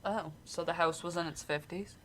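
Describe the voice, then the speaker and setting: A woman co-hosting a podcast, chiming in with playful jokes and quick reactions. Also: fairly low pitch, fairly even intonation, fairly bright tone, a little hiss or hum. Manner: joking interjections, playful quips. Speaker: podcast co-host. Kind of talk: casual chat.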